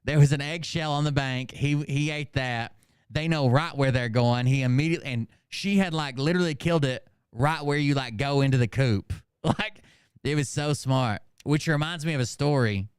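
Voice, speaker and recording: A middle-aged man telling a funny story casually, profane and animated, laughing at his own jokes. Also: mid-range voice, moderate pace, smooth, no room sound, studio quality. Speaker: host.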